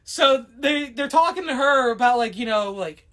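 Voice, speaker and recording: Woman podcast co-host, lively storyteller, bright and high. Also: moderate pace. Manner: animated, laughing storyteller, quotes people in put-on voices. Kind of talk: casual chat.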